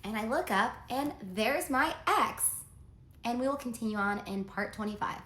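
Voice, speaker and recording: A woman's voice: on the high side, lively intonation, moderate pace, echoey room, background noise. A woman casually telling a dramatic personal story, acting out the texts and lines she quotes.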